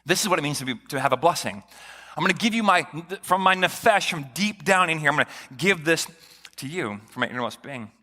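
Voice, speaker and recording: A man's voice: on the high side, lively intonation, fast talker, bright, forceful tone. A man voicing a frail, old, nearly blind father who earnestly offers his son a blessing, in a sermon. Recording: long church reverb.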